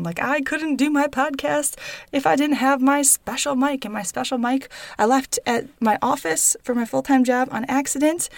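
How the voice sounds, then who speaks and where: A woman in her thirties hosting a solo podcast, chatty and upbeat, often tagging her sentences with a quick "right?". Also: on the high side, no room sound. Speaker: podcast host. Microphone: recorded without her usual studio mic.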